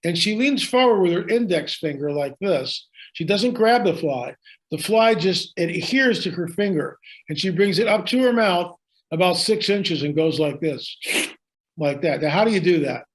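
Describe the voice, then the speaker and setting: A man's voice: sits high, lively intonation, normal speed. A man telling a story in conversation, emphatic and dramatic, repeating lines for effect. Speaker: guest storyteller.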